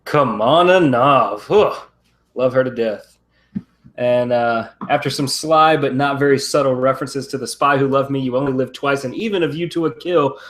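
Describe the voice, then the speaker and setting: A man's voice: medium pitch, fairly bright tone. Man recapping an episode, casual. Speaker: podcast co-host.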